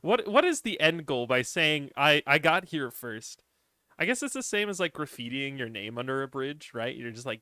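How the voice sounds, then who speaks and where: A man's voice: medium pitch, lively intonation, moderate pace, bright, forceful tone, dry recording. A man streaming live, rambling casually and joking while he reads and answers viewer chat. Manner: rambling, joking, lots of laughs and fillers.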